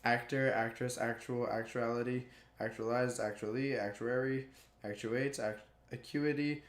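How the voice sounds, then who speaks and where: A YouTuber with a medium-pitched voice reads dictionary words one after another at a normal speed, in a monotone list. He trips over the hard words and chuckles at his slips, and the sound is roomy.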